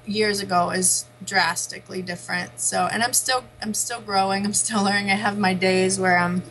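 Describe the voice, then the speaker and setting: Bright-voiced woman telling a candid story. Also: mid-range voice, fairly even intonation, normal speed, a little hiss or hum, poor audio. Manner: candid, with frequent small laughs. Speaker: interview guest, parent. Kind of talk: personal storytelling in conversation.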